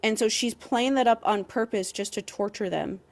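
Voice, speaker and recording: A woman's voice: mid-range voice, moderate pace, vocal fry. A young woman co-hosting a podcast, ranting emphatically with lots of "like" and some swearing. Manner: heated and emphatic, heavy use of "like", swearing. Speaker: podcast co-host.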